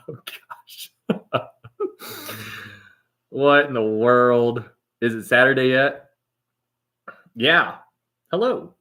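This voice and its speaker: With a medium-pitched, fairly bright voice, this livestream host reads out comments from viewers in a casual way. He tends to ramble, laughs often, and drifts off in the middle of sentences.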